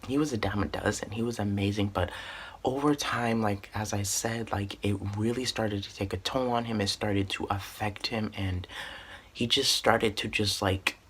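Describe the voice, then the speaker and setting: A man's voice: lowish voice, fairly even intonation, normal speed, a bit bright, a little hiss or hum. A young man telling a personal story in a casual storytime vlog, earnest and heartfelt, rambling with restarts. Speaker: storytime vlogger.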